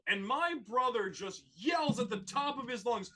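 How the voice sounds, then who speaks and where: Animated storyteller for a casual chat show, lively pitch, bright tone. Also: normal speed, few pauses, low-quality recording. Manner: animated storyteller with lots of "like" fillers.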